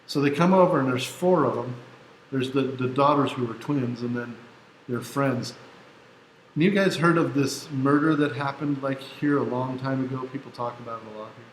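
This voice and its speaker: A tired man teaching a class, chatty and quick to laugh, often restarting his sentences as he tells a story and works through a problem. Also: medium pitch, a little hiss or hum. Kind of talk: classroom lecture with anecdote. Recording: echoey room with faint ambience.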